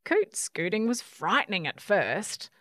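Woman reading a picture book slowly. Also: medium pitch, dry recording, clean studio sound. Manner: expressive, unhurried. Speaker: storyteller. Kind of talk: children's storybook reading.

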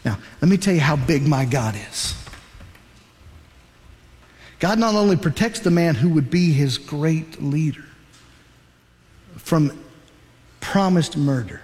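A man pastor preaching a sermon, telling a Bible story with animated emphasis. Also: on the high side, a little slow, long pauses, big-room sound.

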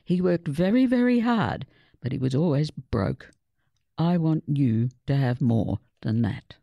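A woman's voice: deep voice, animated, unhurried, vocal fry, no room sound, highs cut off, exaggerated voice. A woman voicing a kind, earnest father in a story read aloud. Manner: kindly, earnest.

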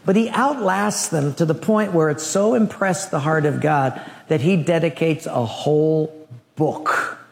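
Pastor guy preaching, high voice, long reverb, lively storytelling. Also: a little slow, vocal fry. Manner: storytelling, animated, with asides and humor. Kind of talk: sermon.

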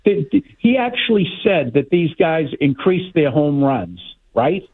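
Male caller, high and husky, sarcastic rant, tinny phone line. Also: sing-song, measured pace. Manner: indignant, sarcastic. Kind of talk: heated call-in rant.

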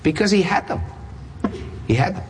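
A man's voice: high voice, animated, moderate pace, darkish tone, slight background noise. A man preaching a sermon, firing rhetorical questions with wry asides and dramatic emphasis. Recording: long hall reverb.

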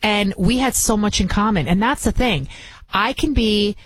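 A woman's voice: mid-range voice, normal speed, husky, poor audio. A woman with a Bronx accent guest-hosting a radio talk show, chatty and emphatic, often restarting her sentences. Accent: Bronx New York. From Bronx, New York.

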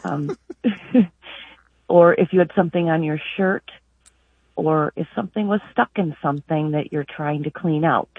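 A woman calling in to a radio show over a tinny phone line, her voice a little husky. She sounds eager and explains a family word at length. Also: low-pitched, unhurried, long pauses, no echo. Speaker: caller.

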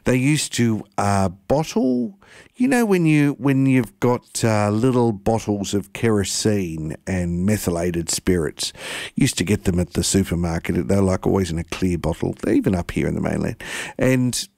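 A man's voice: on the low side, expressive, normal speed, vocal fry, a little mellow, no room sound, clean studio sound. A man with an Australian accent hosting a community radio talk show, stumbling over words and laughing at himself. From Tasmania, Australia. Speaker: radio host.

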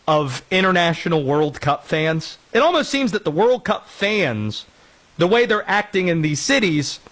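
A man's voice: high-pitched, fairly bright tone, low-quality recording. A man hosting a sports talk show, joking and playful in casual chat. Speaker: radio show host.

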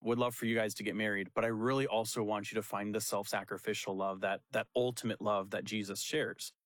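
Speaking a little fast in a lowish voice, a young male pastor laughs his way through a casual story, performing each quoted line. The recording is dry and close.

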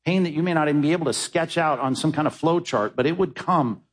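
A man's voice: on the high side, quick pace, rough recording. A man, a pastor, preaching a sermon in an emphatic, conversational way, rising sharply for emphasis.

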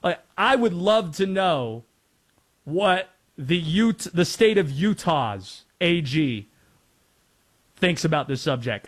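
A man's voice: a little high, takes it slowly. A man from North Carolina hosting a casual sports talk show, joking and telling stories. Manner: animated, jokey, quotes and impressions. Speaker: sports radio host.

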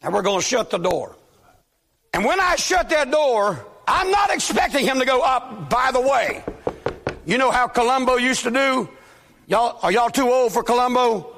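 A married man preaching a sermon to a church, often shouting with emphasis. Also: extremely high pitch. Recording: long reverb of a hall.

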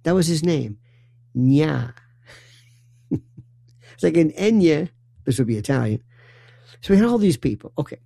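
A man spins a rambling comic monologue in a gravelly, husky voice, his pitch leaping up and down as he talks. He stumbles and restarts words in bursts. The recording is dry and close. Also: a little slow, pauses often, no echo. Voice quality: animated, acts out quoted voices with big pitch jumps. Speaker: storyteller.

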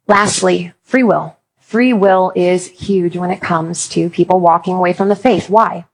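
A woman's voice: on the low side, fairly even intonation, unhurried, vocal fry, rough recording. A woman giving a Christian talk, mixing humorous stories with advice and acting out quotes. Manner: humorous storytelling with acted quotes. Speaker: Christian speaker on apologetics. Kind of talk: conference talk.

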